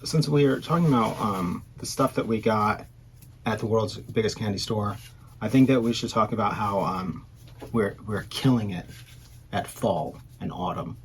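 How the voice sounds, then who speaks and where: A man's voice: fairly low pitch, moderate pace, a little hiss or hum. A man in his thirties co-hosting a casual podcast, rambling and self-deprecating, often trailing off mid-sentence. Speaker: podcast co-host. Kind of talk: casual chat.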